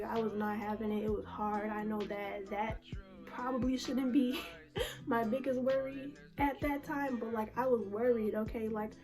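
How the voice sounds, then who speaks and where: Young woman telling her story, kinda high voice, lots of likes and ums, emotional. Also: darkish tone. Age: young adult. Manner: emotional, slangy, full of fillers. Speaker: vlogger. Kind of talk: casual storytime.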